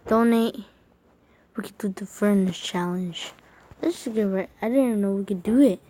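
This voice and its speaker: A woman's voice: mid-range voice, normal speed. A woman giving casual gameplay commentary at home, rambling and correcting herself while keeping her voice down. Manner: rambling, self-correcting, talking quietly. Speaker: mobile game YouTuber. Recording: noisy home recording with clicks.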